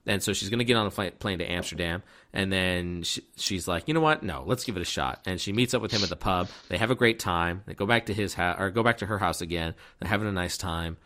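Low-voiced man rambling through a movie recap. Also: steady tone, fast, hardly any pauses, pushed and bright. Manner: rambling, many fillers and restarts, acts out characters' lines. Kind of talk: casual movie recap chat.

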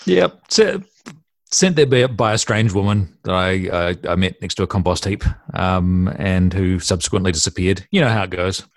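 A man playing a tabletop game, speaking in character with lots of halting restarts. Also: low voice, steady tone, no echo, clean studio sound. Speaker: player.

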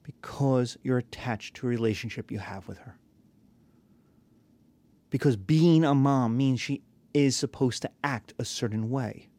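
A man's voice: mid-range voice, a little slow, warm tone. A man teaching a class, talking casually with rhetorical questions and acted-out quotes. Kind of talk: classroom lecture.

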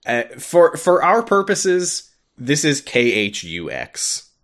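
A man's voice: on the high side, sing-song, takes it slowly, a bit bright. A man co-hosting a podcast, chatting casually as he recaps a game's story with frequent laughs and filler words. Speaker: podcast co-host explaining a game story. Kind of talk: casual chat.

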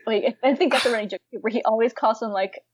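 A young woman in casual chat about books and films, lively and giggly, full of fillers. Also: on the high side, fast talker, no room sound.

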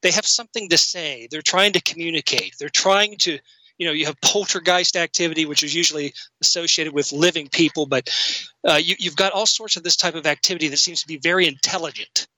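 Guy on a podcast call, high bright voice, rambly and jokey. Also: a little fast, no room sound, low-quality recording. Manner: rambling, acts out silly ghost voices. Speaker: podcast co-host. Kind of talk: casual comedic chat.

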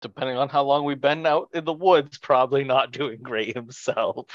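A man playing a tabletop role-playing game, talking in a hesitant, halting way. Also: mid-range voice, fairly even intonation, no room sound, lo-fi sound. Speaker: player. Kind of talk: casual chat at a game table.

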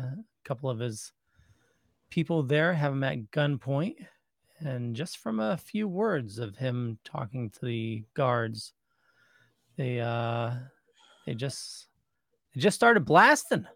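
A man's voice: medium pitch, expressive, takes it slowly, a bit bright, no room sound, studio quality. A man co-hosting a casual chat, recapping a comic's plot with many fillers. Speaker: podcast co-host.

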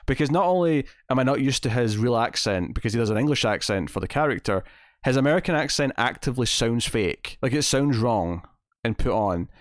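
On a podcast, a man with a medium-pitched, expressive voice chats casually and eagerly about a TV episode that had many restarts. He talks briskly, and the studio-quality recording has no echo.

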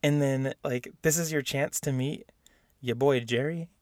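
A man in relaxed conversation as a podcast co-host, chatty and rambling, stumbling over his own words and laughing along. His voice sits at an average pitch and comes through a dry, close recording. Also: measured pace, no echo. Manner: chatty, laughs often, many restarts. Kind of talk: casual chat.

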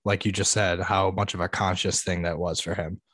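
A man with a lower voice chats easily on a podcast, relaxed and wry, trading short agreements with his co-host. His voice sits close and dry with no echo. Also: moderate pace. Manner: laid-back, brief agreeing replies, joking. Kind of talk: casual chat.

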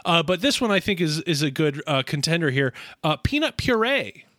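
A man's voice: a little high, very animated, normal speed, sharp tone, dry recording. A man hosting a casual podcast chat, hesitant with lots of ums, making dry wry asides. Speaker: podcast host.

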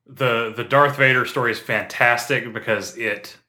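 A man co-hosts a podcast in a medium-pitched, sharp voice with fairly even intonation and normal speed. The casual chat is enthusiastic, with plenty of fillers and restarts.

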